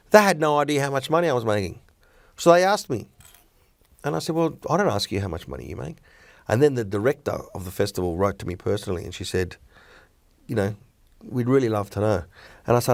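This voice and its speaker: A man's voice: mid-range voice, no room sound. A middle-aged man, a stand-up comedian talking bluntly and animatedly in a casual podcast chat. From Australia. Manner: blunt, opinionated, animated storytelling.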